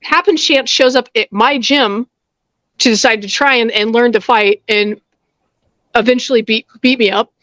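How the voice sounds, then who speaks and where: Animated woman fighter, dry close mic. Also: fairly high pitch, normal speed, no room sound. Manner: animated storyteller who acts out quotes. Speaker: guest, professional MMA fighter. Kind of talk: casual interview chat.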